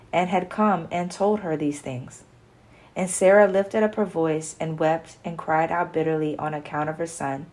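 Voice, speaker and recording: A woman reading an old religious text aloud in a steady, earnest way, slowing down for quoted speech. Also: on the low side, rough recording. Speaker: scripture reader. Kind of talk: scripture reading.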